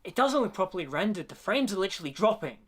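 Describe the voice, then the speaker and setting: A man's voice: sits high, big pitch swings, fast, slight background noise. A young man giving casual film commentary, opinionated and blunt, with sarcastic asides and swearing.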